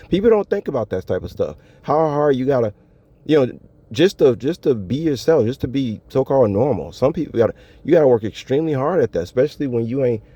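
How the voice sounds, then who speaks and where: Laid-back man, dark lo-fi voice. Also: mid-range voice, no echo. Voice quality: laid-back, laughing often, slangy. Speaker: vlogger. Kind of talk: casual monologue to viewers. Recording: dull lo-fi audio.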